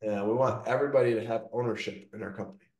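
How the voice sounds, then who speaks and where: Chatty business owner in an echoey room. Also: male voice, lowish voice, quick pace. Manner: energetic storytelling, frequent "like" and "right?". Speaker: gutter business owner, guest. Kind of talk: casual interview talk.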